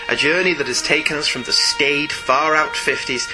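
A man's voice: on the high side, moderate pace, few pauses, over music. A man hosting a podcast, reading out listener emails in a chatty, jokey way. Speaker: podcast host.

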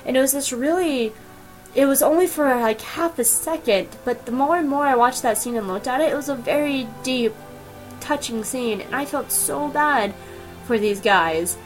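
A woman's voice: sits high, moderate pace, faint music behind, low-quality recording. A young woman hosting a podcast, gushing about a TV episode in casual chat and acting out the characters' lines. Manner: gushing, excitable, acts out quoted lines. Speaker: podcast host.

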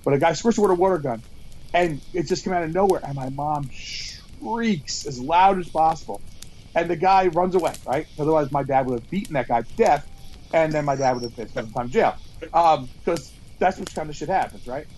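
A man's voice: on the high side, animated, fairly quick, a little mellow, slight background noise, rough recording. A man co-hosting a podcast outdoors at a campfire, telling rambling stories, swearing and acting out quotes. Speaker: podcast co-host. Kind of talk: casual storytelling chat.

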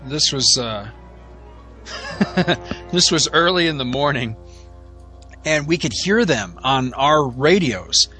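Bright-voiced man in casual chat. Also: mid-range voice, animated, slow pace, pauses often, faint music behind. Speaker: podcast co-host.

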